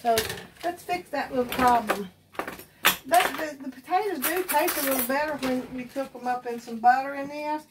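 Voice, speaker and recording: A woman's voice: sits high, moderate pace, distant mic, very noisy. A woman with an Appalachian accent, hosting a home cooking show, chatting casually and rambling while she cooks in her kitchen.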